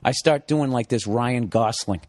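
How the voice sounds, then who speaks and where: A man's voice: mid-range voice, measured pace, a little mellow. A man hosting his podcast, telling a story in a casual, comedic way. He swears a lot, sounds exasperated, and acts out both sides of an argument. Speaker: podcast host.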